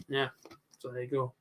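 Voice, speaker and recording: The host, a man in his late twenties with a mid-range voice, runs a live football reaction stream, casually commenting and answering chat viewers by name. The sound is phone-quality, with background noise.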